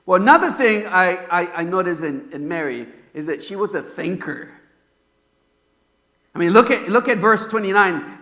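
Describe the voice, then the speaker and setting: A man's voice: high voice, animated, normal speed, sharp tone. A man from California preaching a sermon in a conversational way, full of fillers and rhetorical questions. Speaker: pastor.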